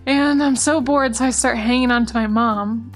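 A woman's voice: a little high, steady tone, normal speed, faint music behind. A young woman in casual chat, telling a childhood story with lots of "like". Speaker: co-host, guest sister.

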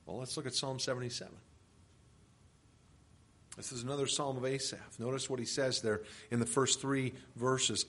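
Bright-voiced man preaching a sermon. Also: medium pitch, fairly even intonation, moderate pace, long pauses. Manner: emphatic, poses rhetorical questions. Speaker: pastor. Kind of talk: expository sermon.

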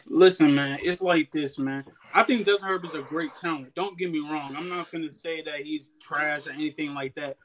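A man's voice: on the high side, moderate pace, hardly any pauses, a little hiss or hum. A man, a guest on a sports talk show, building an emphatic argument. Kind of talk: casual sports debate.

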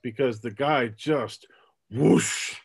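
A man hosting a casual sports podcast, talking in a rambling, halting way with lots of fillers. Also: mid-range voice, lively intonation, no room sound, clean studio sound. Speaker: podcast host.

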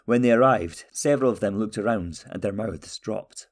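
A man narrating a fantasy storybook in a measured, steady way. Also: on the low side.

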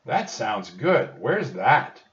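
A man voicing an eager, curious young girl in a storybook reading, with quick excited questions. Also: mid-range voice, exaggerated voice. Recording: dull distant recording.

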